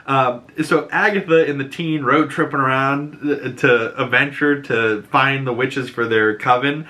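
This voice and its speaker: A young man with a Boston accent talks through an episode recap in a casual, animated way. His voice is bright and forward, with a mid pitch. He laughs often and slips into higher voices to act out lines. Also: measured pace, hardly any pauses. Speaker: show reviewer.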